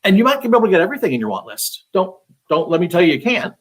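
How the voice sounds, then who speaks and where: A man's voice: high voice, big pitch swings, rapid-fire, slightly rough. A man working as a real estate agent, giving casual advice on a live stream, talking conversationally with many fillers and restarts.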